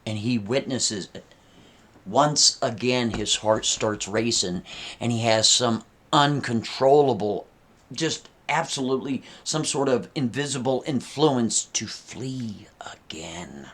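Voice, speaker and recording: A man's voice: mid-range voice, measured pace, fairly bright tone. A man telling a story casually, talking straight to his listeners with frequent asides. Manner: conversational, addressing listeners with asides.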